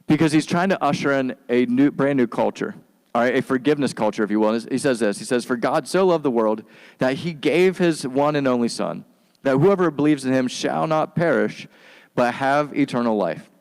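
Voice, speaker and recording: A male pastor preaching in a loose, conversational style, full of slang and asides. His voice sits at an ordinary pitch and carries a long reverb from a large hall. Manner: relaxed and slangy, acts out quick voices for biblical figures. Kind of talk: casual conversational sermon.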